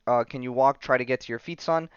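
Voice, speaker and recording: A man reading aloud the lines of a stern, worried middle-aged father from a comic, in a clear voice close to his own. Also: medium pitch, fast talker, no echo, close to an everyday voice. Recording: slightly dull dry recording.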